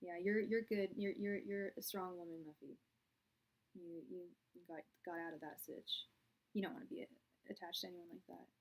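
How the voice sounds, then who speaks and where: A woman's voice: fairly low pitch, steady tone, moderate pace. Young woman doing a tarot reading on a live stream, blunt and chatty, talks right to ya. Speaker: tarot reader.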